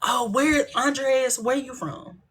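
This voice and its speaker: A woman's voice: sits high, a bit bright, slightly rough. A woman from northern Louisiana with a country Southern accent, hosting a casual livestream, chatty and playful as she reads out viewer comments. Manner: playful, chatty, teasing, quick asides. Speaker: livestream host. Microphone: phone livestream.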